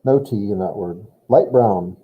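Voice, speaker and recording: Over a tinny, phone-like line, a man gives an online German lesson, patiently explaining grammar step by step and prompting his student. His voice is lowish and breathy, and he speaks a little slowly.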